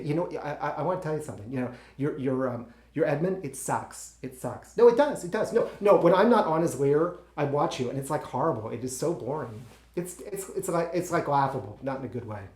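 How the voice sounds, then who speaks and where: A man plays a young stage actor in his twenties in a solo stage monologue, nervous and easily frustrated, stammering and restarting as he talks to partners nobody else hears. His voice sits a little high for a man. The sound is roomy, picked up in a theatre. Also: darkish tone, close to an everyday voice. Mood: scheming. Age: 20s. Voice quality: stammering, halting, full of restarts. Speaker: actor in a one-man play.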